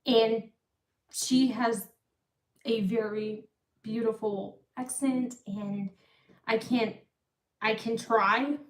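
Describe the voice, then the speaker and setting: Woman in her 30s, fairly high voice, slow unhurried pace, rambling live-stream storytelling, echoey room, far from the mic. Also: steady tone. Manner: rambling, self-interrupting.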